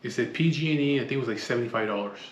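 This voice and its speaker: A man's voice: medium pitch, rapid-fire, muffled recording. A man telling a street story in a blunt, profane, casual way. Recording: echoey room, faint noise.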